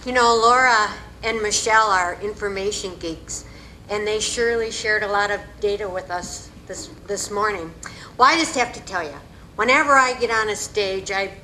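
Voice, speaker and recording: A woman giving an animated, folksy storytelling speech at a community event in a hall. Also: mid-range voice, a little hiss or hum. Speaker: community speaker. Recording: echoey hall.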